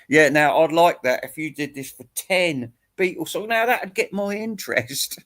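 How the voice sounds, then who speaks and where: A YouTube commentator launches into a rambling, mock-serious rant that teases and crudely mocks other online commentators, laughing at his own jokes. His fairly high, fairly bright voice has lively intonation and a moderate pace, with hardly any pauses.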